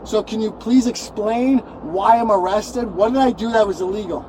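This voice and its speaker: An agitated man under arrest, pleading and shouting for answers from the back of a police car, recorded on an officer's bodycam. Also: high-pitched, moderate pace. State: agitated, upset. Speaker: arrested passenger. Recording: noisy bodycam audio.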